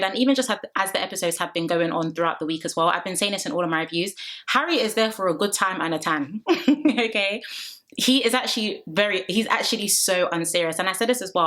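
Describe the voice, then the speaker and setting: A woman's voice: lowish voice, fairly bright tone. Chatty woman reviewing reality TV. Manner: chatty and dramatic, teasing asides with laughs. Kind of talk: casual review chat to viewers.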